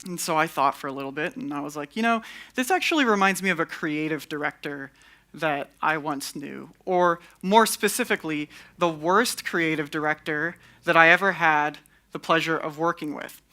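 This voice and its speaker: A man's voice: a little high, moderate pace, pushed and bright. A young man giving a candid conference talk on stage, with wry, sarcastic asides. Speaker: conference speaker.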